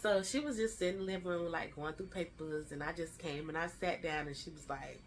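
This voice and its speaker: A woman in her thirties telling a chatty, animated storytime to her vlog viewers. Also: sits low, fairly quick, slight background noise. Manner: animated storytelling, acts out quoted family lines; chatty and slangy, fillers like "child" and "y'all". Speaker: vlogger.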